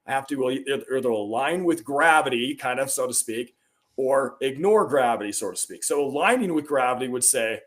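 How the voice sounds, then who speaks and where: A man's voice: mid-range voice, animated, a little fast. A middle-aged man, a podcast guest, telling stories in an earnest, emphatic way, with bursts of rising energy. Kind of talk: conversational interview storytelling.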